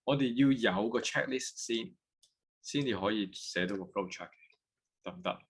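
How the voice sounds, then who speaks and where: A man's voice: mid-range voice, a bit bright. A man with a Hong Kong accent giving a lecture, moving between English and Cantonese and checking in with students through frequent "OK"s and "can you follow?". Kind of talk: university lecture.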